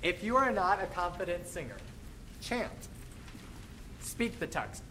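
A man working as a choir director, teaching a rehearsal in an energetic, encouraging way and demonstrating lines by chanting and singing them. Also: sits high, unhurried. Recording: echoey room with background noise.

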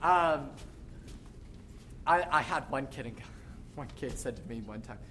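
A man who is a choir director, teaching a choral workshop in an animated way and breaking into sung demonstrations. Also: mid-range voice, measured pace, slight background noise. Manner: animated, demonstrates by singing phrases.

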